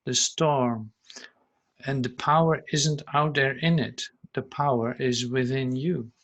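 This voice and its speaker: A man teaching an online spiritual class, reading passages aloud and reflecting on them gently. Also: medium pitch.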